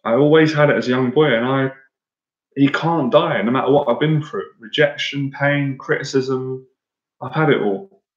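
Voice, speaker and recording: A man's voice: medium pitch, moderate pace. A man speaking earnestly and emotionally in a live-stream monologue, often stumbling and repeating himself as a coach. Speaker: dating and anxiety coach. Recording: roomy, dull lo-fi sound.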